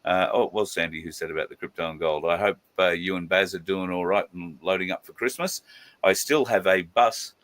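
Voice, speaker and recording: A man hosting a casual live stream, chatting and greeting viewers by name, with many drawn-out fillers. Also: low voice, a bit bright. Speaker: livestream host.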